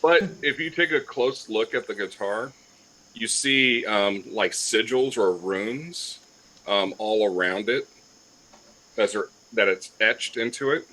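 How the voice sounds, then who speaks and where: A man playing a tabletop game, describing his character's gear in an unhurried, hesitant way. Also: on the low side, bright, forceful tone, low-quality recording. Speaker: player.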